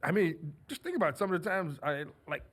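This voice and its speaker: A middle-aged man, a former running back, chatting as a guest in a studio. He is relaxed and agreeable, with plenty of yeahs. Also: on the high side, a little fast. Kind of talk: casual studio chat. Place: radio studio.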